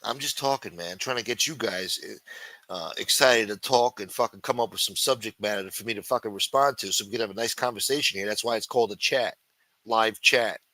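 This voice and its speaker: Swinging between shouts and mutters, a man running a live chat stream taunts his audience and swears constantly as he answers messages in a profane rant. He talks a little fast in a fairly low voice, and there's no echo.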